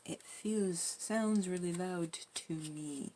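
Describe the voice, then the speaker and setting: A woman quietly talking herself through a craft project, muttering and joking at herself as she works. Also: fairly low pitch, slow, gravelly, few pauses, slight background noise. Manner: soft-spoken, muttering to herself, self-deprecating. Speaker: crafting video host. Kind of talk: casual narration while crafting.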